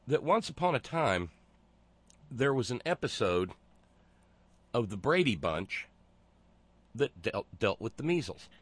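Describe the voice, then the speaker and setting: Guy hosting a talk show, slow and sarcastic, lots of uhs and ums, dry close sound. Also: mid-range voice, sing-song, a bit bright, husky, no room sound. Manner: sarcastic, halting with many fillers. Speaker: host. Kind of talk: casual commentary.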